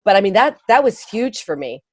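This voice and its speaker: A woman guest, an early education speaker and author, explaining her ideas in a conversational interview with quick laughs and restarts. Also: mid-range voice, big pitch swings, dry recording.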